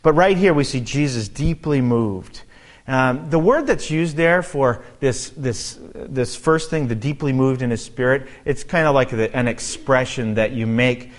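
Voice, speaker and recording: A man preaching through a scripture passage in a mid-pitched voice. He reads each verse and then talks it over in a loose, conversational way, thinking aloud as he goes. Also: unhurried. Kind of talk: verse-by-verse Bible teaching.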